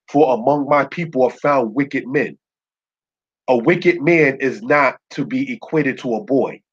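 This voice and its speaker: Husky-voiced man teaching a Bible lesson. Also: mid-range voice. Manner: preacherly, keeps asking "You understand?"; slows to spell out Hebrew words. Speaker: Torah teacher. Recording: muffled lo-fi recording.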